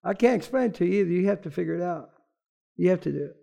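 Man, pastor, casual sermon, high-pitched, emphatic, informal. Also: lively intonation, very fast, gravelly. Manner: informal and emphatic, drops to a hushed, emotional tone. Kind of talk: conversational sermon.

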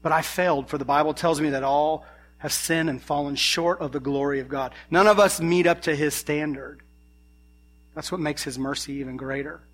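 A man's voice: on the high side, steady tone, normal speed, fairly bright tone. A man preaching a sermon, earnest, often asking the listeners questions. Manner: earnest, asks the congregation questions.

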